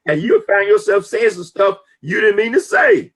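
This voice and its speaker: A man talking casually and emphatically about business conduct, preachy and full of lively storytelling. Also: sits high, breathy edge. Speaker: network marketing talk show guest. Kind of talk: casual motivational talk.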